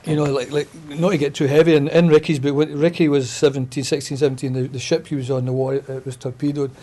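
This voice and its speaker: A man's voice: fairly high pitch, flat delivery, fast, warm tone. A Scottish man chatting as a guest, telling stories at length and saying "aye" a lot. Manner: chatty storyteller, says "aye" often. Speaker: guest comedy writer promoting a play. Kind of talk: casual chat.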